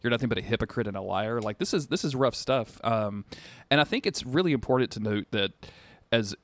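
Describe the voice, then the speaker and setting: A man co-hosting a podcast, recapping a TV episode in casual chat, animated and acting out characters' lines with casual swearing. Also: mid-range voice, brisk, no echo. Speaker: podcast co-host.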